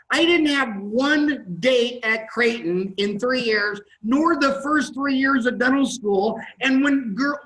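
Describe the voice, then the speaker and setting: A dentist in his fifties, a guest in a podcast conversation, telling blunt, animated stories and acting out what other people say. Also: high-pitched, rough recording.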